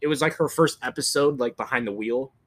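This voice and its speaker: A young man co-hosts a podcast, swapping stories in casual conversation with a medium-pitched voice and fairly quick pace. His storytelling rambles, is full of swearing, and keeps restarting.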